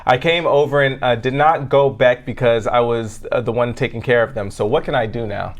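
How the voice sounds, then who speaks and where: A man co-hosting a live web show, reading viewer questions aloud in a careful, measured way. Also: mid-range voice, steady tone.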